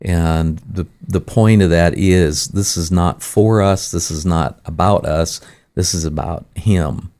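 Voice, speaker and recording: Deep, mellow-voiced worship leader. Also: male voice, fairly even intonation, takes it slowly, few pauses. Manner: thoughtful, explanatory. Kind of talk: casual faith chat.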